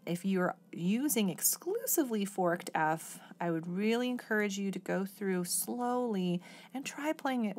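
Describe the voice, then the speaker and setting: A middle-aged woman teaching oboe in a calm, explanatory way. Her voice sits a little low for a woman. She walks students through fingerings and phrasing patiently. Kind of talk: instructional music lesson.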